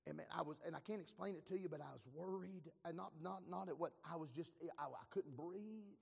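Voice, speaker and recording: Gravelly preacher in an echoing church. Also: male voice, on the high side, a little fast. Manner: storytelling, breaks into loud shouted prayers, folksy and joking. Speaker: pastor. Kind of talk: sermon. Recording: long echoey church reverb.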